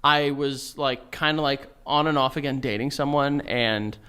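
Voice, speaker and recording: A man's voice: medium pitch, moderate pace, bright, forceful tone, smooth. A man in his thirties co-hosting a podcast, telling comedic stories, acting out quotes and laughing through them. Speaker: podcast co-host. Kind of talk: animated comedic storytelling.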